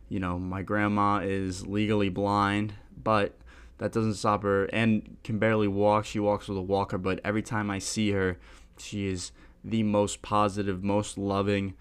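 A man's voice: on the low side, clear, resonant tone. A young man hosting a podcast, rambling casually and laughing at himself. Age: young adult. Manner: rambling, self-deprecating, laughs often. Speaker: podcast host.

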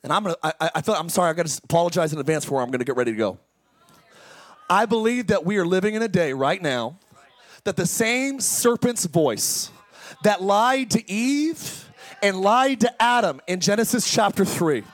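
Man, pastor, impassioned sermon, very high pitch, shouted lines, uneven pace. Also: sing-song, moderate pace, no room sound. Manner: impassioned preaching, often shouting, sudden speed changes. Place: church service.

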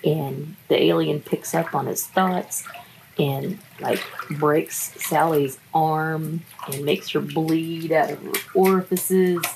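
A woman recaps a book in a relaxed, chatty way, drawling her words slowly in a low register. She is wry and laughs often at her own asides. Faint running water murmurs in the background. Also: creaky, noisy background. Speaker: book reviewer. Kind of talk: casual book review chat.

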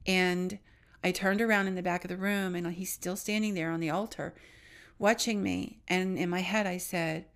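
A middle-aged woman with a low-set, gravelly voice full of vocal fry tells a personal story. She speaks earnestly, often sinking to a hushed tone at the tense moments. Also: fairly even intonation, normal speed. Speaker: podcast co-host.

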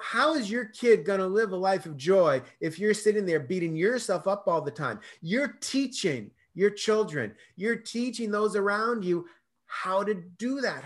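A middle-aged man, a guest in an interview, telling stories expressively and acting out the dialogue. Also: high voice. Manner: expressive storyteller, acts out dialogue. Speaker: guest, self-love coach. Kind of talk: animated conversational interview.

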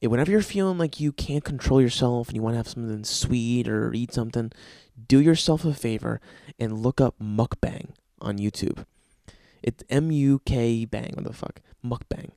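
A young man hosts a podcast, spinning rambling, profane comedic stories. His voice has a gravelly grain at a middle pitch. The recording is dry and close. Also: expressive, normal speed, mellow, no echo. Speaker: podcast host. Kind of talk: casual comedic storytelling monologue.

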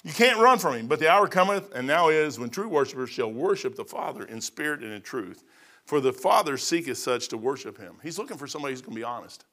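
A sing-song, bright, forceful medium-pitched voice belongs to an older Kentucky preacher. Folksy and rambling, he brings his stories' people to life, quickly voicing figures from the Bible.

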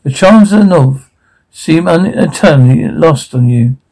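A sardonic, quick-witted nobleman with a dry, mocking edge, as a man reads him from a script. The voice sits slightly high but sounds gravelly and mellow, with a lot of fry. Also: animated, exaggerated voice. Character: witty sardonic dwarf nobleman, adult male. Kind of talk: amateur read-through of a script.

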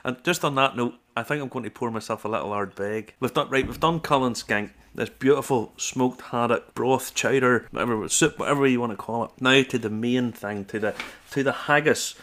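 A man's voice: mid-range voice, fairly quick, a bit bright. A man hosting a casual chat who pairs whiskeys with food and talks through his reasoning with enthusiasm. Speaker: whiskey show host.

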